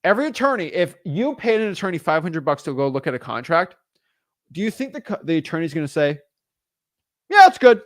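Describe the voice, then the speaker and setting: A young man coaching on real estate deals in loose, casual talk, his voice rising a little high and swinging widely as he gets exasperated. He keeps slipping into quick impressions of the people he argues with. The sound is dry and close, with no room around it. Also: dry recording. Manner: animated, exasperated, acts out sellers and attorneys in quick asides. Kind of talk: casual teaching monologue.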